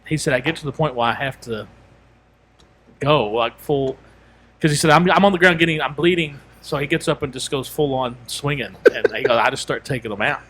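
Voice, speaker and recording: A podcast co-host tells a long story in casual chat, rambling through quoted asides and starting over. His medium-pitched voice is brisk, a bit bright, and husky.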